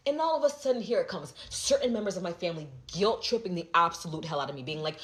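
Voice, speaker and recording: A young adult woman telling a storytime vlog, animated and flowing, with lots of "like" fillers. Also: medium pitch. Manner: animated, fast-flowing, heavy filler 'like'.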